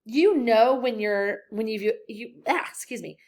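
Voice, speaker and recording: A woman's voice: fairly high pitch, a little slow, a little mellow. A young adult woman giving a recorded psychology lecture to her students, speaking conversationally with filler words and acting out example quotes. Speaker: psychology instructor.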